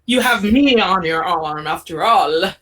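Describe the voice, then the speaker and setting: Playful, bright-voiced woman at a game table. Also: lowish voice, lively intonation, a little slow, recorded from a distance. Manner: playful, teasing. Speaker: player. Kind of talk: in-character tabletop play.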